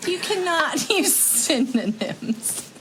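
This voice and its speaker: A woman's voice: high voice, very animated, takes it slowly, a bit bright, a little hiss or hum. A woman co-hosting a podcast in casual chat, playful and laughing often. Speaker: podcast co-host.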